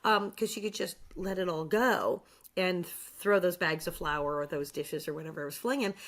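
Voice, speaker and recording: A woman in her sixties, an actress guest chatting casually and telling animated stories with acted-out quotes. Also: fairly low pitch, moderate pace. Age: 60s. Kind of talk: casual chat.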